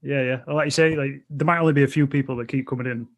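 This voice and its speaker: A man's voice: mid-range voice, fairly even intonation, quick pace. A man with a Yorkshire accent co-hosting a casual podcast, laid-back and slangy, rambling a bit. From Yorkshire, England.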